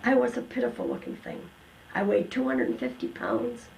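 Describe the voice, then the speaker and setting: Gravelly older woman giving testimony. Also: fairly high pitch, huge pitch swings, darkish tone, a little hiss or hum, rough recording. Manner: earnest, emotional storytelling with slow dramatic pauses. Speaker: testimony guest. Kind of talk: personal testimony.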